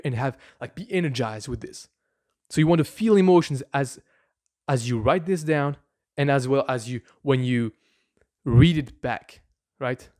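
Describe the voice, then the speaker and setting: A man's voice: mid-range voice, darkish tone. Earnest man coaching on mindset. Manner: earnest and informal, with frequent restarts and "right?" asides. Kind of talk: motivational self-help talk to camera.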